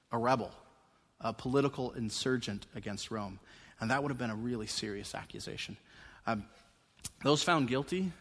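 A male pastor in mid-sermon, with a voice of ordinary pitch for a man. He shifts from hushed, conversational explaining to loud, emphatic preaching. The sound carries the long reverb of a church sanctuary. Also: husky. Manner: animated preaching, swinging from quiet asides to emphatic raised passages. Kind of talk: expository sermon. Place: church sanctuary during a service.

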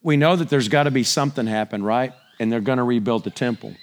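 A middle-aged man preaching a sermon, animated, his voice climbing higher when he gets excited. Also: fast.

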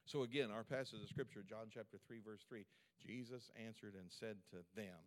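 A man's voice: lowish voice, moderate pace. A male pastor preaching a sermon at a church service in a fervent, conversational way, with lots of repetition.

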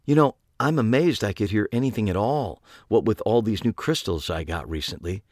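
A man's voice: fairly low pitch, lively intonation, a little fast, a little mellow, dry recording, clean studio sound, voice pushed up. A man doing a gushing woman shopkeeper psychic. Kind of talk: audiobook character voice.

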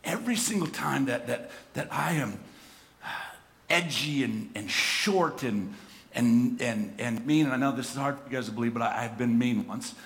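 A middle-aged man preaching a sermon, swinging from hushed reflection to loud, impassioned emphasis and often repeating words as he restarts phrases. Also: mid-range voice, normal speed. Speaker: pastor.

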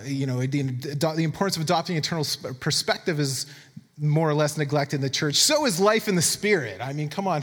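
Male preacher, high voice, earnest and emphatic, some long reverb. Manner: earnest, animated, emphatic scripture reading. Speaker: pastor. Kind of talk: sermon.

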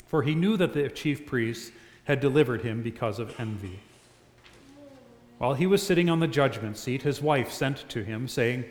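Man reading scripture at vespers, slow n solemn, echoey church, long reverb. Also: mid-range voice, animated. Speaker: scripture reader.

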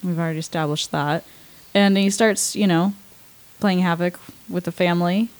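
A woman's voice: fairly low pitch, steady tone, moderate pace. A young woman chatting casually as a podcast guest, hesitant with many fillers and frequent laughs. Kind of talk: casual chat.

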